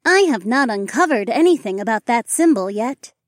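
A polite robotic woman assistant, put on by a man, high in pitch, with formal, measured phrasing and lively lifts. The sound is dry and close. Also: dry recording.

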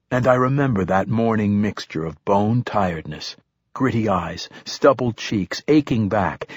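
A male audiobook narrator telling a story in the first person, measured and reflective. His voice is deep and slightly husky. He is recorded close and dry, with no room sound. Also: no room sound.

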